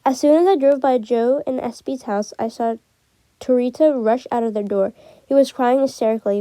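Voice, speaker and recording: A woman reading a novel aloud in a steady way, with occasional slips and restarts. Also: fairly high pitch, brisk, dry recording. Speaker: reader.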